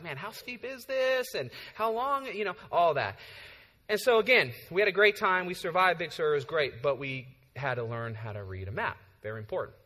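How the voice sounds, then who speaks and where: A man with a high, bright voice preaches a sermon, telling the story casually and tossing in frequent "right?" asides. He sounds like a pastor speaking plainly to his congregation. His words ring out with long reverb in a large hall. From San Francisco Bay Area.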